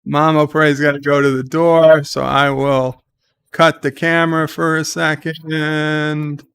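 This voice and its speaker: A middle-aged man hosts a live reaction stream, narrating what happens on screen as casual commentary. He talks slowly and rambles, with plenty of fillers and restarts. His voice is smooth and clear and sits a little high for a man. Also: level tone, fairly bright tone.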